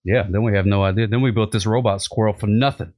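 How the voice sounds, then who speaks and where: A man's voice: fairly low pitch, steady tone, fast, a little mellow. A man hosting a casual comedic chat, rambling and jokey, with lots of restarts. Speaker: podcast host.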